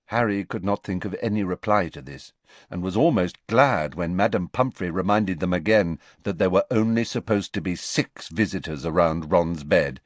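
A man's voice: low voice, moderate pace, no echo. A man narrating an audiobook expressively, switching into character voices.

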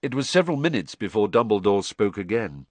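A man narrating an audiobook with a steady storytelling delivery. His voice is somewhat low, with a lively, varied intonation. The sound is dry and close to the mic. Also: fairly quick, no echo. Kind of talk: scripted narration.

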